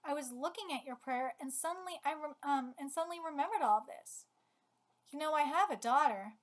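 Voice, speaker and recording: A woman reading the lines of an enemy soldier who is a loving father, in a quiet, confessional way. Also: high-pitched, fairly quick, lightly acted. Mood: somber.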